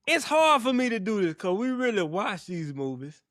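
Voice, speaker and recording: In a clean studio with no echo, a man with a high, sing-song, fairly bright voice co-hosts a casual chat show at a moderate pace. He relives movie scenes animatedly, repeating himself as he goes, with faint guitar music behind.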